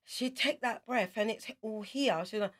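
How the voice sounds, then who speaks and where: A woman in her fifties from South London with a London accent, a singer chatting as a radio interview guest and telling lively stories with quick asides. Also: a little high. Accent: London English. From South London, England.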